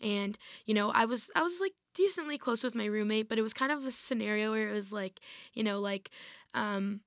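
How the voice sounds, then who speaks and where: In an interview, a young adult woman who used to be a college athlete tells her personal story casually, leaning heavily on "like" and restarting often. Her voice is a little high and a bit bright, her pace brisk, and the recording is dry and studio quality.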